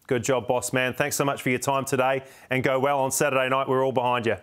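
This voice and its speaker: Upbeat New Zealand football host. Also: male voice, medium pitch, flat delivery, fast, a bit bright, clear, resonant tone. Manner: friendly, upbeat questioning. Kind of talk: casual interview hosting.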